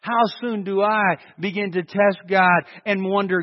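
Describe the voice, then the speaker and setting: A man preaching a sermon in a large church hall, animated and full of rhetorical questions. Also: sits high, a little slow. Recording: dull lo-fi with long hall reverb.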